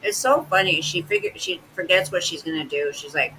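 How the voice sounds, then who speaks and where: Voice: medium pitch, brisk, few pauses, bright, forceful tone, slight background noise, low-quality recording. A host giving scornful, sarcastic reaction commentary between clips.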